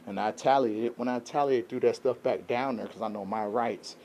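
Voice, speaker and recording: A man at a medium pitch, venting in a loose, rambling monologue straight to his viewers. He sounds aggrieved and keeps checking in with them as he talks, and a faint hum of ambience sits underneath. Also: a little fast, darkish tone. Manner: rambling, aggrieved venting, keeps asking "you know what I'm saying". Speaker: vlogger. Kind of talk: unscripted monologue to camera.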